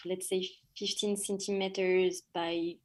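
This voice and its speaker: A woman's voice: fairly low pitch, flat delivery, unhurried. A woman from France with a French accent, whose first language is French, asking a question on a video call and searching hesitantly for her words. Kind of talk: casual webinar question.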